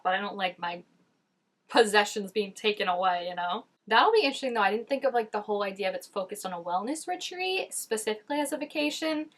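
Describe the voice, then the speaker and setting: A woman chats her way through a reaction video, commenting casually on scenes as they play. Her talk is loose and full of "like", and her voice sits at a medium pitch. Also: quick pace, a bit bright. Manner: chatty, frequent "like", reacting to scenes.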